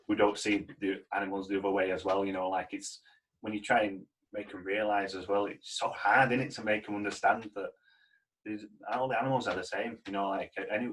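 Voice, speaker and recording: A man with a lowish voice hosts a casual podcast chat. He talks in an easy, reflective way and leans on "you know" and "like". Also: a bit bright, rough recording. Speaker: podcast host.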